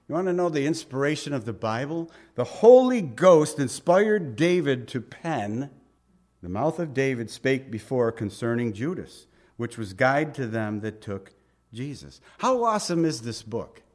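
A male pastor teaching verse by verse, reading scripture aloud and asking his listeners rhetorical questions, with emphatic rises and quiet asides. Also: mid-range voice, sing-song, a little slow. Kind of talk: expository Bible teaching.

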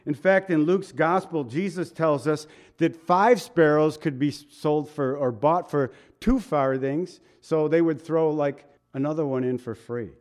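A man's voice: fairly high pitch, measured pace, hardly any pauses, darkish tone. A man preaching a sermon in a casual, folksy way, asking the listeners questions and laughing at himself now and then. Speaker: pastor.

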